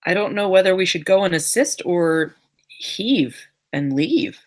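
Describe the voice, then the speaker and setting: A woman's voice: lowish voice, lively intonation, a little slow, a little mellow. A woman playing a tabletop game, reacting wryly and speaking in character. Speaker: player.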